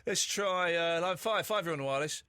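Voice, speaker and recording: A man's voice: a little high, a little fast, pushed and bright, clean tone, dry recording. A man hosting a comedic radio phone-in from a studio, bantering in a brash mock-common geezer manner. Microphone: close studio mic.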